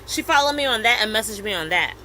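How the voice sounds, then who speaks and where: Bright-voiced woman telling a lively story. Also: a little high, fast talker, slight background noise, poor audio. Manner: animated storytelling, acts out quoted messages. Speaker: podcast co-host. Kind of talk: casual chat.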